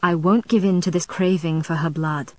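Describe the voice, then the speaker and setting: A woman's voice: on the low side, steady tone, normal speed, darkish tone, no room sound, close to an everyday voice. A woman reading the part of a brooding, tormented male vampire in an audiobook, speaking emphatically with a strained voice. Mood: anguished. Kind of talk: audiobook character voice.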